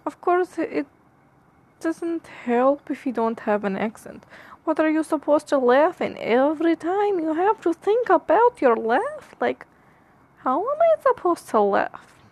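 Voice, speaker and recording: A woman's voice: high voice, animated, unhurried, darkish tone. A woman whose first language is Punjabi, hosting a podcast in a rambling comic monologue, speaking in a theatrical put-on foreign accent and drifting into musing. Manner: musing, drifting between jokes and philosophy. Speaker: podcast host.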